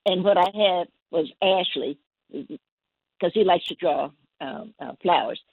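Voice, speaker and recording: A woman poet guesting on a call-in show, telling a story in a gentle, rambling way with many restarts. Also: fairly low pitch, measured pace, slightly rough, no echo. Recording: tinny phone line.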